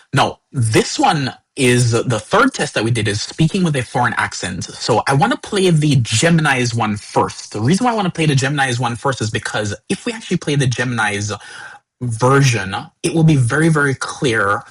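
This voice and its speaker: A man hosting a live tech stream, talking casually and stammering with repeated words when excited. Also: medium pitch, normal speed, husky, low-quality recording. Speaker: host.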